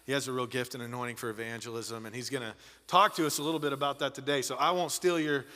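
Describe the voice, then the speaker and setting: Fast-talking, bright-voiced church pastor. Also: male voice, mid-range voice, steady tone. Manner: warm, effusive praise. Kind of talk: introducing a guest speaker. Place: church hall. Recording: long church hall reverb.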